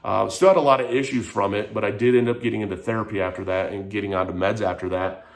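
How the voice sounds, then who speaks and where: A man's voice: fairly low pitch, steady tone, quick pace. A man frankly telling a personal story in a vlog, emotional and rambling, with lots of "like". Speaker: vlogger.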